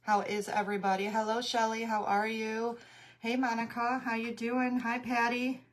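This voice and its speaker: A woman's voice: on the high side, little pitch movement, normal speed. A middle-aged woman, hosting a casual craft livestream from home, greeting viewers by name and laughing often, a little out of breath. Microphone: tablet mic.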